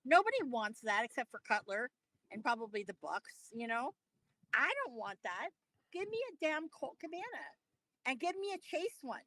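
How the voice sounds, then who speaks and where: Woman podcast cohost going off about stuff, lots of swearing, high voice, dead dry sound. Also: normal speed, dry recording, poor audio. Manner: animated, profane ranting. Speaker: podcast co-host. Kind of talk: casual chat.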